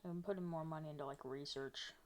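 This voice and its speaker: A woman's voice: sits low, fairly even intonation, fast, slight background noise. Rambling woman streamer talking to herself. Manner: rambling, chatty and self-mocking. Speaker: live streamer. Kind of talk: casual live-stream chatter while working on maps.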